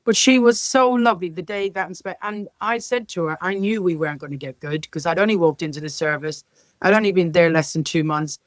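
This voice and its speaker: A middle-aged woman from Ireland, a care sector leader, telling lively stories as a podcast guest and acting out the dialogue in them. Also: on the low side, fairly quick, dry recording. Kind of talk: podcast interview storytelling.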